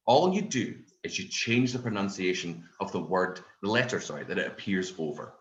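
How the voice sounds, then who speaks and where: A Scottish comedian performs a stand-up set, telling his story in an animated, sweary way with a deep voice that swoops widely up and down. He speaks at normal speed with few pauses, and the lo-fi recording rings out in a roomy, echoey space.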